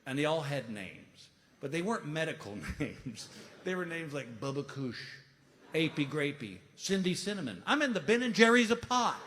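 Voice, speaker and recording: Man in his 50s, stand-up comedian, lively swinging pitch, exasperated storytelling, long hall reverb, background noise. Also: moderate pace. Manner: animated, exasperated, acts out voices. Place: large comedy venue stage.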